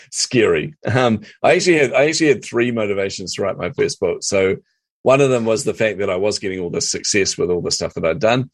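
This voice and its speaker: Middle-aged male guest, quick and emphatic, lower voice, dry close sound. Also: no echo. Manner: energetic, emphatic, laughs often. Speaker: guest, marketing coach. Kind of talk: casual interview chat.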